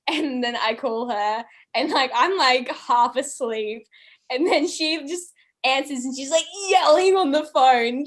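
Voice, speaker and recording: A young woman in her twenties recounts events in a loose, chatty way, with a slightly high voice. She throws herself into quoted lines and leaps up in pitch when she plays other people. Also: measured pace. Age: 20s. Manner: animated, acts out quoted voices with big pitch jumps. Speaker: channel co-host, guest. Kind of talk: casual storytelling.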